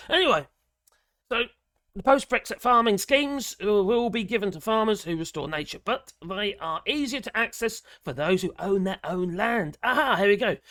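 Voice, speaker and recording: A woman's voice: medium pitch, dry recording, clean studio sound. A woman, middle-aged, ranting sarcastically and indignantly as she comments on a news article, with bursts of mild swearing. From Britain. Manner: animated rant, voice jumps up when outraged.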